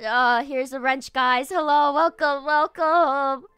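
A woman hosting a palm reading livestream in casual chat. She is nervous and giggly, rambles with many fillers, and breaks into excited squeals. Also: high-pitched, takes it slowly, dry recording.

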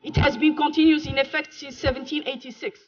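A woman's voice: sits high, flat delivery. Moroccan woman w/ french accent giving a keynote, chatty and jokey, kinda muffled lofi sound. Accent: Moroccan French-accented English. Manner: chatty, jokey, pauses with fillers. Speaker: keynote speaker. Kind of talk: conference talk with slides. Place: lecture hall. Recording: muffled lo-fi talk recording.

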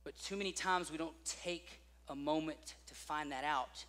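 A man delivers a sermon with a high, bright voice. He tells stories in an animated way, acting out the voices of the people in them. His voice rings with a long reverb, as in a large hall. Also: normal speed. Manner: animated storytelling with acted-out voices. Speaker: pastor.

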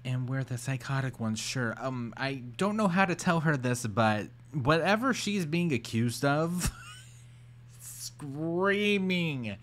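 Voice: medium pitch, lively intonation, measured pace, fairly bright tone. A reaction commentator talking over a clip with dry, sarcastic remarks and frequent laughter.

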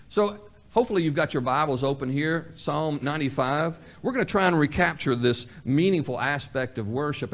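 A male pastor delivering a sermon in a folksy way, repeating key phrases for emphasis and acting out imagined conversations. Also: mid-range voice. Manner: acts out both sides of imagined dialogues. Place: church sanctuary.

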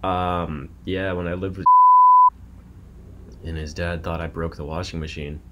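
A man's voice: sits low, flat delivery, measured pace, heavy background noise. A man playing a video game with a friend, telling stories and swearing casually as he plays. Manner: swears a lot, tells stories while playing. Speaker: gaming co-host. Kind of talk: casual let's-play banter.

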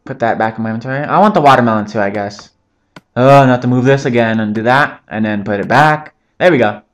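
Rambling, swearing young gaming commentator. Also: male voice, mid-range voice, fast talker. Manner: rambling, joking, swears often. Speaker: gaming channel host. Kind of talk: casual gameplay commentary.

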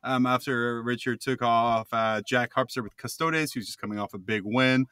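A man's voice: medium pitch, steady tone, normal speed, bright, forceful tone, clear, resonant tone, no echo. A man co-hosting a gaming podcast, reading event news in an upbeat, joking way. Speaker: podcast co-host. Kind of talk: casual chat, reading announcements.

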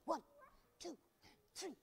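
A woman's voice: slow, heavy background noise. A woman reading a story aloud to children in a library, asking them to join in. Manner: animated, asks children to join in. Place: library room.

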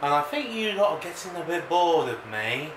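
Guy rambling on slow in a vlog, lively pitch, far off mic, echoey room, hum in background. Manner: slow, meandering, talks to himself. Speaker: vlogger. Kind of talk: casual rambling monologue. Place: room at home.

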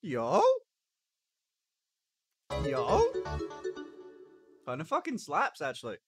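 A man's voice: fairly high pitch, wildly swooping pitch, drawn-out words, over loud music. A man streaming live in casual chat, joking, swearing and eating on camera. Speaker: livestreamer.

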